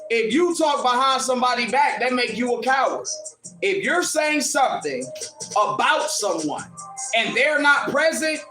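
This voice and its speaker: A man's voice: very high voice, animated, normal speed, sharp tone, reverberant, faint music behind. A man hosting a livestream, taunting and mocking a commenter in a combative rant. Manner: taunting, mocking, combative, laughs at his critic. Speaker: livestream host answering commenters. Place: in Ohio.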